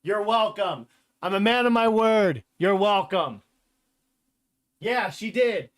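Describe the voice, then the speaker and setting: A man's voice: high voice, animated, takes it slowly. A man hosting a sports podcast, chatting casually with blunt, joking opinions and lots of rambling filler. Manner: rambling, filler-heavy talk with frequent "like" and "literally".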